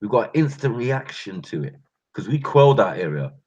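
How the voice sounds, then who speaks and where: A channel host from North London, speaking with a London accent, delivers a casual monologue of street stories, laughing, slangy and animated. His mid-range voice is husky and fairly quick, on a dull lo-fi recording.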